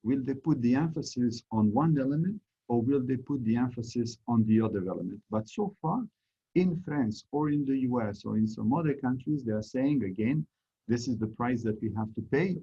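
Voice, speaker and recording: Dark husky professor on a muffled call. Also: male voice, mid-range voice, expressive, moderate pace. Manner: encouraging, explanatory, with fillers. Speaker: visiting professor leading a discussion. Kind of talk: online lecture discussion. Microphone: video call. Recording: dull lo-fi video call audio.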